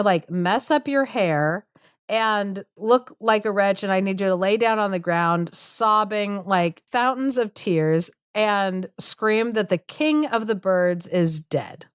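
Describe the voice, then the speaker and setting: A woman's voice: medium pitch, a little slow, clear, resonant tone, no echo, clean studio sound. A woman podcast co-host casually retelling a fairy tale, full of "like" and sarcastic asides, acting out the characters' lines. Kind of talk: casual storytelling chat.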